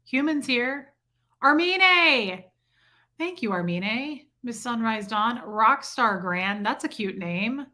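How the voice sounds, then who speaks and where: A woman's voice: on the high side, lively intonation, slow, few pauses, sharp tone. A woman hosting a casual livestream, greeting viewers by name and chatting about her day; she mentions her son and living in Michigan. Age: adult with a child. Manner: chatty, reads out viewer names in a roll call. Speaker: livestream host.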